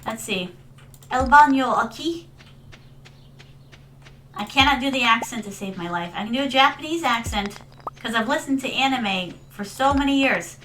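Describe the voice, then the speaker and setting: Woman, streamer, high pitch, casual gameplay chat, affectionate and rambling, noisy recording. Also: a little fast. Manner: chatty, sprinkles in Japanese words, calls viewers "my darling". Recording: steady background noise.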